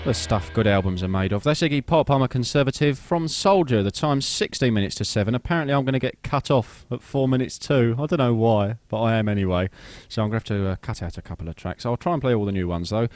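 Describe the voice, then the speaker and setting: A man's voice: medium pitch, fast, few pauses, a little mellow. A man doing casual pirate-radio DJ links between records, chatty, offhand and self-deprecating, with the odd "uh".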